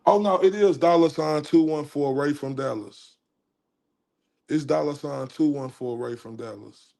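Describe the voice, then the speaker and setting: A man's voice: a little high, measured pace, gravelly, mellow. A man from Texas, chatting casually on his livestream, joking and laughing at himself. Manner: laughs at himself, breaks into singing. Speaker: livestream host.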